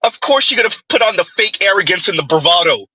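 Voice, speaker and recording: A man's voice: sits high, big pitch swings, quick pace, bright, forceful tone, husky, no room sound, low-quality recording. A man giving a mocking opinion commentary, full of rhetorical asides and scornful dismissals. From United States.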